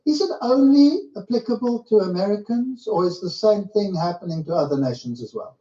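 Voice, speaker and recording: A man's voice: high voice, expressive, brisk, dark tone. A man preaching a sermon-style lecture, emphatic and full of rhetorical questions to his listeners. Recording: echoey, distant, muffled.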